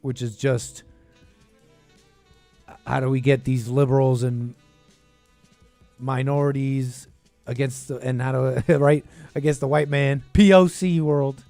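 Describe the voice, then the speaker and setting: A man's voice: medium pitch, fairly even intonation, slow pace, pauses often, dark tone, no room sound, faint music behind. A man hosting a call-in show, talking casually and rambling, with frequent chuckles and trailing thoughts.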